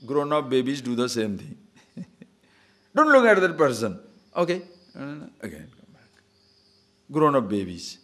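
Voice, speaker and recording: A man teaching scripture as a swami in a spiritual discourse, teasing his listeners with rhetorical questions and chanting short verses slowly. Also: medium pitch, big pitch swings, fairly bright tone. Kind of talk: spiritual discourse to a live audience.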